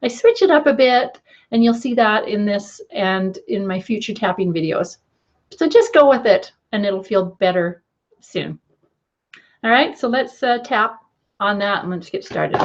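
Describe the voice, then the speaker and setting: A middle-aged woman coach guiding a tapping lesson in a gentle, encouraging way, often checking in with "okay". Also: medium pitch, lively intonation, a little slow, dull audio.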